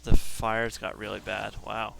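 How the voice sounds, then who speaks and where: A man's voice: fairly low pitch, completely flat delivery, a little slow, creaky, pushed and bright, a little hiss or hum. A man streaming a game live, chatting casually and self-deprecatingly with his viewers. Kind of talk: casual live-stream chat while gaming.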